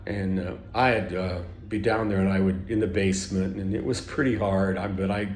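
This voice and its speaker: A man's voice: low-pitched, fairly even intonation, normal speed, echoey room. A man telling a personal story in a rambling way, with many restarts and self-corrections. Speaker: spiritual teacher.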